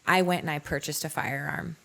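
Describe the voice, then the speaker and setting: A woman's voice: low-pitched, a little fast, vocal fry, fairly bright tone. A woman in her forties, a podcast guest, frankly telling her life story in a blunt, candid way. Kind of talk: candid personal testimony.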